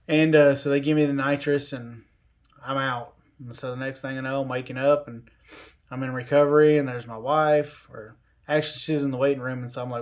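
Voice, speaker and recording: A man telling a personal story in a casual, unhurried way, with plenty of fillers and restarts. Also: mid-range voice. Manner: unhurried, lots of fillers and restarts, quoting others. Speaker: covid survivor telling his story.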